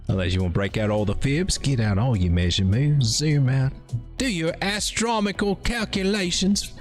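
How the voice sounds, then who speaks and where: A man's voice: on the low side, expressive, a little fast, a little mellow, faint music behind. A man hosting a late-night crypto livestream, casually rambling through chart analysis with playful dad jokes. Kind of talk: casual live market analysis.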